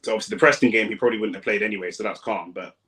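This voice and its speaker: A young man, a fan streamer giving casual, slangy live commentary on a football match, breaking into sudden loud outbursts. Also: on the low side, steady tone, very fast.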